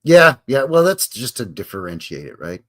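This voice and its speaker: Man, middle-aged, live-stream host, chatty and jokey, very lively pitch, mid-pitched voice. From Canada. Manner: chatty, jokey, rambling with quick asides. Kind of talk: live-stream chat reading viewer questions.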